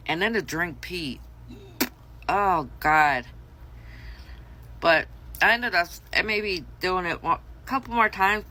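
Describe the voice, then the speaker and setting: A woman's voice: low-pitched, sharp tone, slight background noise. A woman vlogger telling a casual storytime monologue, chatty and blunt, swearing freely.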